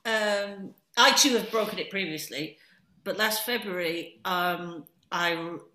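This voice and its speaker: A woman in her late forties, a comedian guest, telling a self-mocking story in lively podcast chat. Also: on the low side, unhurried, echoey room. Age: late 40s.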